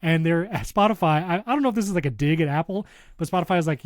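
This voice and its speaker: Worked-up guy ranting on a tech podcast, kinda high voice, dry close mic. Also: fast talker, no echo. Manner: excitable, ranting, laughs often. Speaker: podcast co-host. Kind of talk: casual tech podcast chat.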